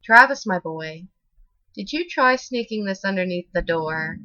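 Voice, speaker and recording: A woman's voice: on the low side, little pitch movement, moderate pace, fairly bright tone, dry recording. A woman voicing a sinister stitched male voodoo shop boss who talks sweetly and then growls, in a slightly muffled dry recording. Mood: mock sweet. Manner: sweetly menacing, erupting into growls.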